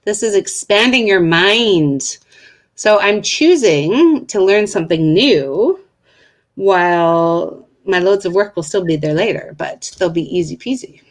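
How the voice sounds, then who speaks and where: A woman's voice: mid-range voice, expressive, measured pace. A woman co-hosting a self-help live stream, talking casually and chattily as a coach over a video call. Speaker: co-host and coach.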